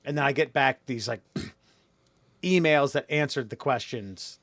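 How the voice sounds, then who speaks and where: A man's voice: mid-range voice, unhurried, a bit bright, no echo. A man co-hosting a casual podcast chat, profane and mocking, who mimics other people in exaggerated voices. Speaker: podcast co-host.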